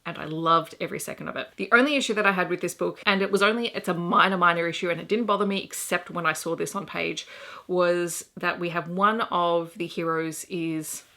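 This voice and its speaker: Bright-voiced Australian woman reviewing books. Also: on the low side, gravelly. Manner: chatty and enthusiastic, rambling with restarts. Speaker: book vlogger. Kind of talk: casual book review vlog.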